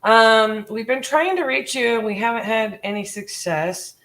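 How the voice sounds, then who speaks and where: A somewhat high-voiced woman talks in a friendly, loose way, full of ums and uhs. She slows right down to read out a phone number. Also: fairly bright tone. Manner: friendly, filler-heavy, reads numbers slowly. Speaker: real estate wholesaler leaving seller voicemails. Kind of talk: casual phone voicemail and office chat.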